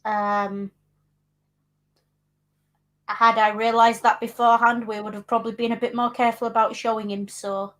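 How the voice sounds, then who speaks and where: A woman's voice: on the high side, level tone, normal speed, long pauses, a bit bright. A woman co-hosting a casual chat, frankly commenting on history with wry, emphatic asides. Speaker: co-host.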